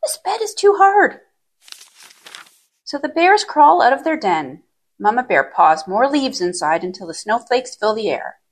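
A woman reading a children's picture book aloud in a gentle, expressive way. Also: mid-range voice, normal speed. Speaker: storyteller. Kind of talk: children's story read-aloud.

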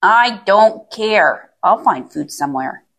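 A woman's voice: medium pitch, expressive, slow pace, a bit bright, full character voice. A woman voicing a restless little boy bear cub in a storybook reading, with a pleading, childlike manner.

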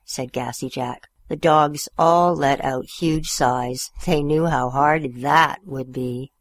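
A woman hosting a community radio show, reading a children's story aloud in a gentle, expressive way. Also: extremely low pitch, slow, hardly any pauses, no room sound. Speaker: radio host reading stories.

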